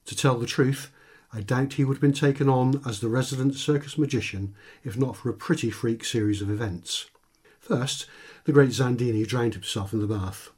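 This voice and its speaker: A man's voice: mid-range voice, moderate pace, darkish tone, slightly rough. A man reading his own comic short story for radio in a dry, wry first-person narration. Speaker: author and reader.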